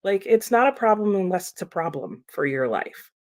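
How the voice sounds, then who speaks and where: A woman's voice: medium pitch, lively intonation, normal speed. A woman hosting a book livestream, chatting casually and laughing often as she reads out viewer comments. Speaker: booktube host reading chat comments.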